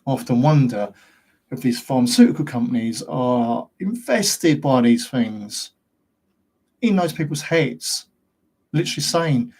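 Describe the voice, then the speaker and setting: British male host, mid pitch, casual rambling rant to camera, rhetorical questions. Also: expressive, unhurried, darkish tone, husky. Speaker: host of a paranormal investigation channel.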